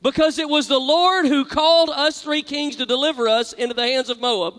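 A man preaches a sermon in a large church, his voice unusually high. He reads scripture aloud and calls out for the congregation to repeat after him. A long hall reverb trails his words. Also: fairly even intonation, moderate pace, a bit bright. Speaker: pastor.

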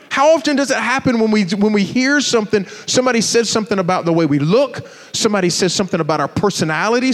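High-voiced preacher in a reverberant hall. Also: male voice. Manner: animated, joking storyteller addressing a crowd. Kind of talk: sermon with personal stories.

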